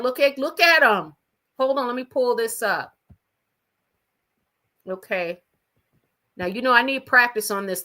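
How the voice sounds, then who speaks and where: A woman's voice: medium pitch, pushed and bright. A woman hosting a casual gossip livestream from her own room at home, talking chattily and straight to her viewers. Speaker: livestream host.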